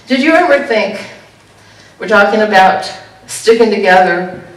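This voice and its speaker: A woman pastor giving an animated sermon, jumping to high exclamations now and then. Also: a little slow. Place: church sanctuary. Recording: echoey church room heard from a distance.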